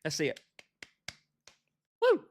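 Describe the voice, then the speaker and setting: A man's voice: slow pace, a little mellow, slight background noise. A young man livestreaming a football game, bantering and joking with his chat and calling viewers by name. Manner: bantering, jokey, talks straight to chat by name. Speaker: gaming livestreamer.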